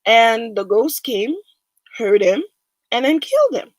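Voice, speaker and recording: A woman giving an unhurried, conversational motivational talk full of fillers. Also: on the high side, expressive, dry recording, rough recording. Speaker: wellness speaker.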